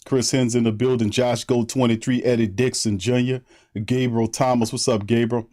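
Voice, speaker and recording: A man's voice: mid-range voice, flat delivery, moderate pace, dark tone. A man hosting a sports livestream, greeting viewers by name in loose, slangy chat and laughing often. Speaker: sports podcast host.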